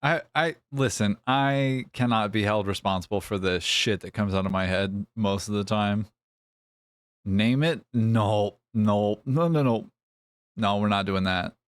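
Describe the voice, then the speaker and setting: Slow, low-voiced male streamer. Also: clean tone, no echo. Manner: teasing, banters with and reads out chat. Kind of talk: casual live-stream chat while gaming.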